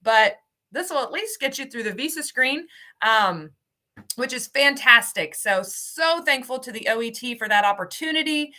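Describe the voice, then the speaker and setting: Bright, upbeat woman hosting a webinar. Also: fairly high pitch, expressive, moderate pace. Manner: upbeat, cheery, stumbles over names. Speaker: host, ESL program coordinator. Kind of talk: live webinar announcements.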